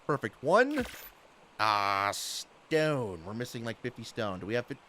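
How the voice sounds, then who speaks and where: A man's voice: medium pitch, very animated, a little slow, pushed and bright. A young man giving casual, chatty commentary over his gameplay, laughing often. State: hiccups. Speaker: gaming YouTuber.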